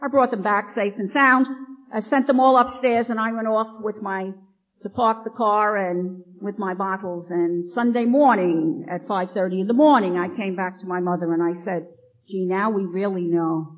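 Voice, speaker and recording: A woman's voice: mid-range voice, moderate pace. A middle-aged nun telling her own recovery story to a meeting, acting out the lines of the people in it. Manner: lively storyteller, acts out quoted lines. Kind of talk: personal recovery talk to an audience. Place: meeting hall, addressing an audience. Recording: dull lo-fi archival recording.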